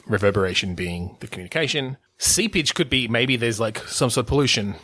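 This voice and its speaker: Here a male podcast co-host talks a little fast, his mid-range voice lively in intonation and pushed and bright. He rambles through casual chat with many fillers and restarts, laughing often.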